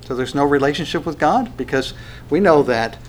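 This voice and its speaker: A man preaching a sermon, animated, acting out quoted dialogue with frequent restarts. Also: a little high, fairly quick, a little hiss or hum. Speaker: pastor.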